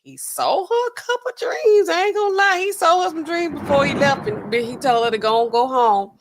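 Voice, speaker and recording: A woman hosting a show in casual, rambling commentary, talking in an animated, colloquial way and laughing often. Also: high-pitched, fairly quick, noisy background. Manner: swings often between loud and quiet.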